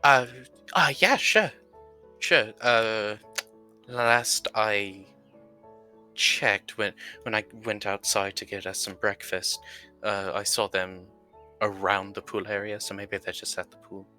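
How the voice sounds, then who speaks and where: A man with a fairly low voice and a sharp, bright edge to it. He narrates his character's moves in a tabletop role-play, pausing often on "uh" as he thinks. There is faint music behind him. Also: level tone. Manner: narrates his character's actions with filler pauses. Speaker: tabletop game player.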